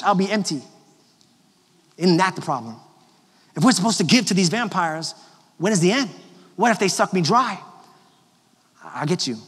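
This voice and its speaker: Casting: pastor, thirties, male, high voice, slightly hoarse, animated, church hall reverb. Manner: animated, personal, jokes with the congregation. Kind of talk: sermon. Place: large church auditorium. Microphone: handheld microphone.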